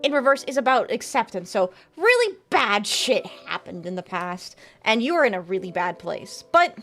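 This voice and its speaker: A woman's voice: mid-range voice, very animated, normal speed, fairly bright tone. A young woman streaming a game live, chatting and joking with her viewers and reading tarot cards aloud. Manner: giggly, jokey, reads chat and tarot cards aloud. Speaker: VTuber streamer.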